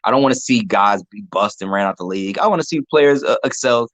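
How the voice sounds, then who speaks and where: A man co-hosting a casual sports chat, relaxed, often repeating words as he talks. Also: on the low side, fast talker, dry recording.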